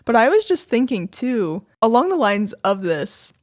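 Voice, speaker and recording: A young woman from Indiana co-hosting a podcast, chatting and rambling with quick asides, with a slight Midwestern accent that has a southern tinge. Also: fairly high pitch, big pitch swings, no room sound, studio quality. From Indiana, USA. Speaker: podcast co-host. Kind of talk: casual chat.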